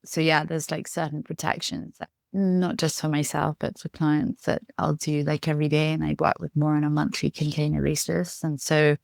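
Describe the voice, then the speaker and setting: A woman's voice: low-pitched, flat delivery, moderate pace, gravelly, hardly any pauses, darkish tone, no echo. A woman healer as a podcast guest, talking reflectively with lots of "just" and "like". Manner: reflective, many fillers like "just" and "like". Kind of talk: interview conversation.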